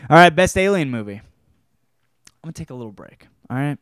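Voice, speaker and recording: A young man hosting a casual solo show, rambling and swearing, with loud outbursts, tired and drinking beer. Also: fairly high pitch, lively intonation, fast talker, clear, resonant tone, dry recording, clean studio sound. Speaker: host.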